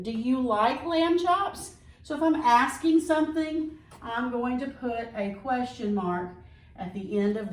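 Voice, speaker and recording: A woman teacher reading example sentences slowly and explaining grammar step by step in a patient, careful way. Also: a little high. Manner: slow, patient, reads sentences aloud carefully. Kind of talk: recorded classroom lesson. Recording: echoey room, far from mic.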